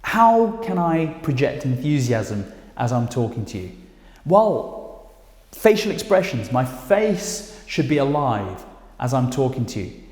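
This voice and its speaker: A man with a British accent teaching presentation skills straight to camera, speaking emphatically with lively intonation. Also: medium pitch, measured pace. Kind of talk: direct-to-camera instructional talk. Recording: echoey room with long reverb.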